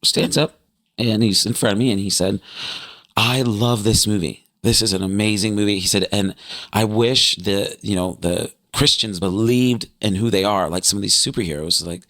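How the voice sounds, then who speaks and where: Man, storyteller, low and gravelly, animated, jumps into a high voice for re-enactments. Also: moderate pace. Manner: excitable, voice jumps high when reliving moments. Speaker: guest telling a story.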